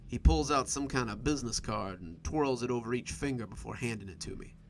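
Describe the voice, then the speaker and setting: A man reading a first-person horror story in a steady, measured narration. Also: medium pitch, vocal fry.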